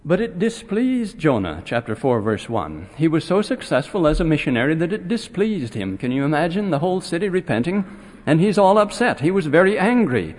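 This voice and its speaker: A man teaching a scripture class. He speaks haltingly with many filler pauses and grows animated when he retells a story. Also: on the high side, in a large hall.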